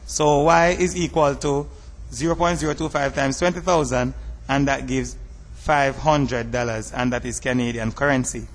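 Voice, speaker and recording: A man teaching a math lesson over slides, explaining step by step in a measured way and asking rhetorical questions. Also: mid-range voice, steady tone, in a large hall.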